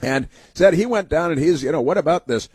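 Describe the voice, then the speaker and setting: A man's voice: fairly high pitch, animated, a little fast, a little mellow, slightly rough, dry recording. A man hosting a political talk radio show, rambling through long monologues full of "uh" fillers and sarcastic asides. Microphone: studio microphone.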